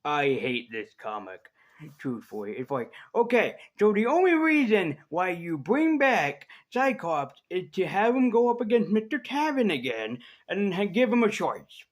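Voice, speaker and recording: A man's voice: sits high, wildly swooping pitch, measured pace. A man casually reviewing comic books in a rambling, sarcastic way, swearing freely.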